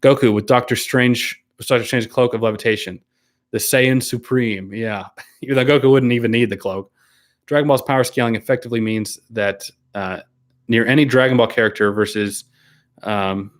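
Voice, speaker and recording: A man's voice: on the low side, steady tone, moderate pace. A man hosting a casual live stream, reading viewer comments aloud and answering them in an easygoing, hesitant way. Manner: easygoing, hesitant, many ums and restarts, laughs often.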